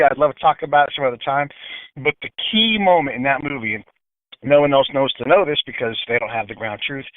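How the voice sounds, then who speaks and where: A man calls in to a talk radio show, speaking at a middle pitch and pressing his points hard, often repeating words for emphasis. The line sounds narrow and phone-like, and there is no room sound. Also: no echo. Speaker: guest, military analyst.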